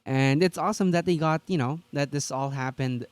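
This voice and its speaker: A man's voice: on the high side, brisk, clean tone, dry recording. A man co-hosting a tabletop gaming news stream, chatting casually and rambling with lots of fillers and restarts.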